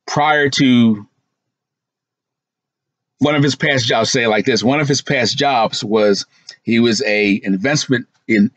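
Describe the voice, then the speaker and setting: A man's voice: medium pitch, no room sound, highs cut off. Casual trucker vlogger reading his notes. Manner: conversational, reads from notes with fillers and asides. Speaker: trucking channel host. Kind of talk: casual commentary vlog.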